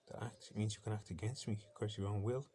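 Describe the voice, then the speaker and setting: A man's voice: lowish voice, steady tone, fast, dark tone, slight background noise. A man with an Irish accent delivering an intense, defiant, rambling personal monologue, with faint bird sounds from a laptop behind him.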